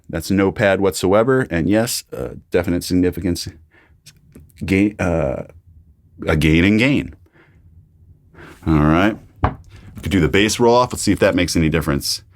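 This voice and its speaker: A low-voiced man hosts a laid-back YouTube review of microphones, repeating test phrases into a studio condenser mic in his home studio to gauge levels. No room sound is audible.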